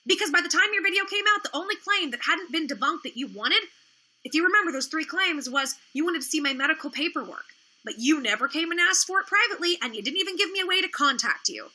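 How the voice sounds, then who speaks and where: A woman's voice: very high voice, sharp tone. A woman hosting a livestream, talking in an indignant, sarcastic and profane rant, sounding worn out. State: tired, low energy. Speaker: livestream host. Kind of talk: ranting livestream talk.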